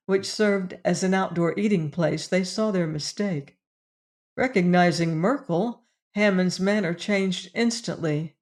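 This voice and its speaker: A man reading a novel aloud as an audiobook narrator, in a measured, even delivery. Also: sits high.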